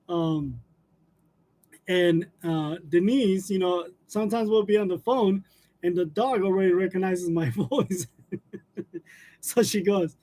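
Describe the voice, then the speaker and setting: Chatty, laughing man, high voice. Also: warm tone. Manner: laughs often while telling stories, chatty with fillers. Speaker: livestream host. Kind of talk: casual livestream chat with viewers.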